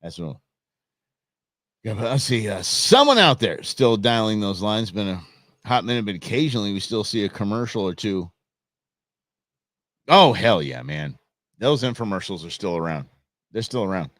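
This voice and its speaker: A man's voice: lowish voice, very animated, moderate pace, pauses often, fairly bright tone, dry recording, studio quality. A man hosting a live show, chatting casually, laughing often and reacting to viewer comments. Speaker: livestream host. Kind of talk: casual live-stream chat.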